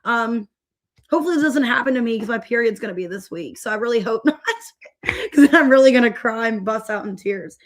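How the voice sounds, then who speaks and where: A woman's voice: on the high side, animated, fairly quick. A young woman giving a casual, rambling tarot reading and greeting viewers by name as she goes. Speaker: tarot reader.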